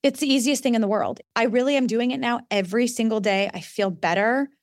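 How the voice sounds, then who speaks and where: A woman's voice: fairly high pitch, fast, no echo, clean studio sound. A woman podcast co-host doing an earnest, chatty host-read ad.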